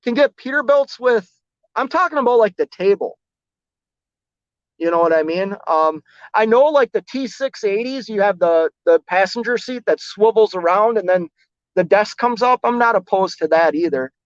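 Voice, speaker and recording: A relaxed man rambles through viewer comments on his trucking stream, joking at his own expense. The sound is dull and lo-fi, and it is dry and close with no room echo. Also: high-pitched, normal speed. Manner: rambling, easygoing, self-deprecating, many "like"s. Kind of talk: casual live-stream chat reading comments.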